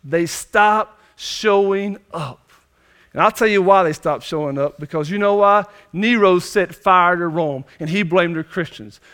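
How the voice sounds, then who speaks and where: A man's voice: sits high, a little slow, fairly bright tone, clean tone. A young male pastor, preaching a sermon with emphatic, repeated phrases. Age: young adult.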